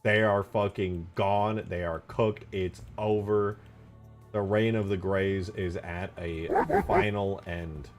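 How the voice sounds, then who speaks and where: A man live-streaming casual chat, excitable and foul-mouthed, yelling thanks to his chat and then mumbling asides. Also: sits low, slow, over music. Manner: excitable, swears a lot, yells thanks to chat; swings between mumbling asides and loud outbursts. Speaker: livestreamer and game modder.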